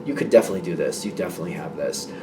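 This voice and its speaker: A man's voice: low-pitched, expressive, rapid-fire, a little mellow, recorded from a distance, slight background noise. A man giving a casual tarot reading to his viewers, rambling and reassuring, with many fillers and restarts. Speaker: tarot reader.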